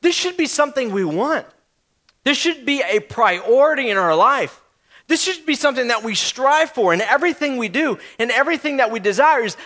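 A man's voice: extremely high pitch, lively intonation, a little fast, a bit bright. A young man preaching a sermon in an earnest, conversational way, often restarting his sentences. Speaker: pastor.

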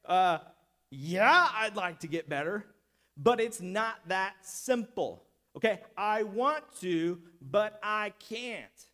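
A man's voice: high-pitched, sing-song, drawn-out words, long pauses, pushed and bright, full character voice. A preacher acting out an exasperated paralyzed man who answers in slang and makes excuses.

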